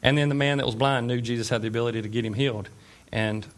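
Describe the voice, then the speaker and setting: Male preacher, relaxed storytelling sermon, asks the room questions. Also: medium pitch, fast talker. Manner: conversational storytelling with fillers and asides; checks in with the listeners. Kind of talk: informal sermon.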